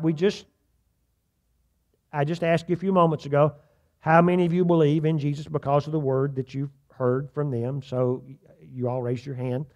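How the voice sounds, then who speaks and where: A man with a fairly high voice preaches to his congregation in a church. He reads scripture slowly and with weight, then turns and asks his listeners direct questions. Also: darkish tone. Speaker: pastor. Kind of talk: sermon. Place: church sanctuary.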